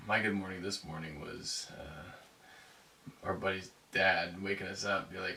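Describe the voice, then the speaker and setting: A man's voice: low voice, little pitch movement, moderate pace, creaky, pushed and bright. A young man co-hosting a podcast in casual chat, laid-back and joking. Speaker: podcast co-host. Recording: echoey room, far from mic.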